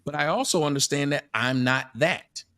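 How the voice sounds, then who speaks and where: A man's voice: a little high, moderate pace, fairly bright tone. A man on a talk show panel, speaking frankly and laying out his view at length. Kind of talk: casual chat.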